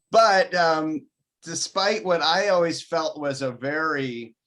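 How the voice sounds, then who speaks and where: A man, a comedian guest, chatting in an interview in a halting way, full of ums and uhs, and laughing easily. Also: on the high side, fairly bright tone. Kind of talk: casual interview chat.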